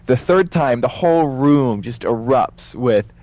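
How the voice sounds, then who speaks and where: An animated man tells a story in a relaxed, casual way. He leans on fillers and acts out the voices of the people involved. His pitch sits in a middle range. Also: measured pace, dry recording. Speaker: guest telling a story.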